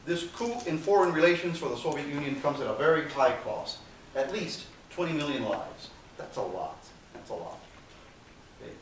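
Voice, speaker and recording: A man lectures to a class in a loose, conversational way, filling pauses with "okay" and "uh" and dropping the occasional dry, sarcastic aside. He sits at an ordinary middle pitch. He was recorded from across a very reverberant hall, with a faint hiss underneath. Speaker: university lecturer. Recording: very echoey hall, far from mic, faint hiss.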